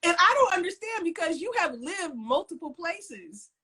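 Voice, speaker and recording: A woman's voice: very high-pitched, big pitch swings, moderate pace, sharp tone. A woman hosting a casual interview over a video call, bubbly and laughing often. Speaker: host.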